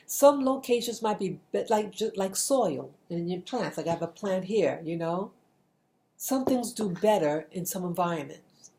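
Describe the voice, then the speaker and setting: Speaking to camera with a motivational message, this middle-aged video blogger has a lowish, gravelly, mellow voice that is expressive and measured in pace. Her casual monologue is earnest and repetitive, full of restarted sentences, with slight background noise.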